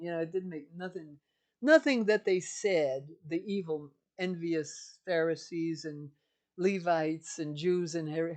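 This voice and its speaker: A woman's voice: sits low, a little mellow. An older woman, a spiritual teacher, giving an emphatic, repetitive teaching monologue.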